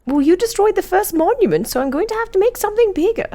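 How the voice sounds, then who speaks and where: A woman's voice: very high-pitched, big pitch swings, fast, mellow. A woman roleplaying in character over voice chat, teasing and playful.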